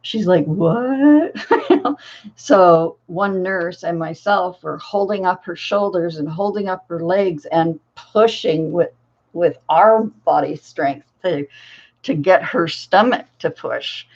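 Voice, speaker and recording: A woman's voice: fairly low pitch, slow, a little mellow, dull audio. An older woman, a grandmother and crafting channel host, telling a family story in a casual, rambling way full of fillers and restarts.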